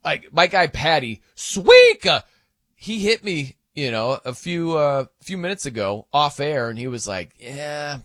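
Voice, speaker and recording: A man's voice: fairly high pitch, normal speed, no echo, clean studio sound. A man hosting a sports talk show in a casual, rambling way, full of fillers and asides. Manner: animated, rambling, lots of fillers and laughs.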